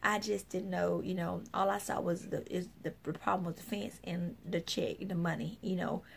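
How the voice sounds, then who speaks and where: A woman's voice: lowish voice, steady tone, normal speed, gravelly, slight background noise. A woman minister telling a personal story in a casual, rambling way, full of fillers and restarts, often acting out what others said. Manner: acts out other people's remarks. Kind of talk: casual spoken testimony.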